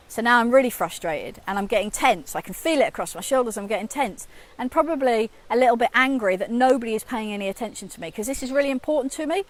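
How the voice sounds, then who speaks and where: A woman in her fifties, a communication coach, talking casually to camera and acting out her own inner voice. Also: medium pitch. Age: 50s.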